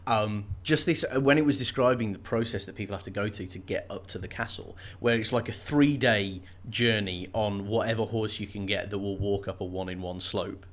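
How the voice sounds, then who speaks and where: Animated man, podcast chat. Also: fairly low pitch, brisk, hardly any pauses. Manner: animated, swears playfully, laughs often. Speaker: podcast co-host. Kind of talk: casual book discussion podcast.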